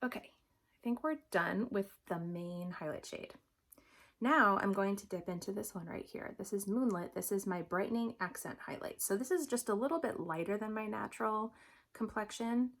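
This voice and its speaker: A woman's voice: mid-range voice, normal speed. A young adult woman talking through a makeup tutorial in a chatty, upbeat, instructive way. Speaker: makeup vlogger.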